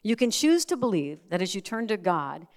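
Animated woman preaching with stories. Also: medium pitch, moderate pace. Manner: animated storyteller, acts out quoted voices. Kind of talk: sermon with personal stories.

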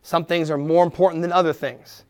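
High-voiced man preaching a lively sermon. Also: fairly quick, clean tone. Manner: animated, acts out quoted voices; drops to a soft, quiet tone for encouragement. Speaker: pastor.

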